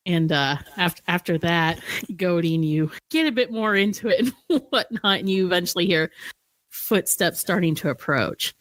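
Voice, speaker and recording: A woman's voice: fairly low pitch, measured pace, a bit bright, dry recording. A woman narrating a tabletop role-playing game as game master, casual and descriptive, laughing easily.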